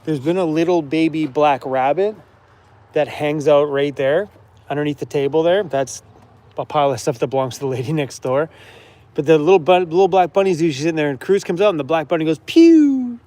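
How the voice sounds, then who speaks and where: A middle-aged man chats loosely on a livestream, reading out member names and laughing often. His voice sits a little high for a man, and a long reverb trails his words. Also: brisk, darkish tone. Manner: chatty, laughs often, talks to his dog. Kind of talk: casual livestream chat.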